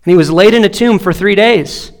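Male pastor, 30s, strained voice, fervent preaching, high-pitched, long reverb of a large sanctuary. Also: fairly quick. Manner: impassioned preaching with repeated rhetorical questions. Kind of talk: sermon.

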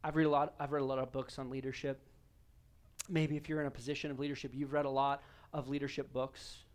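A man's voice: mid-range voice, level tone, quick pace. A male pastor preaching a sermon in an earnest, emphatic way, repeating key phrases for weight.

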